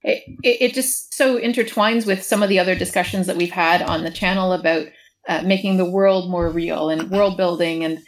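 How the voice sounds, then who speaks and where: Woman with a lowish voice thinking out loud in a panel chat, lots of restarts. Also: fairly even intonation, poor audio. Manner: reflective, halting, many restarts. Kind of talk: casual panel discussion.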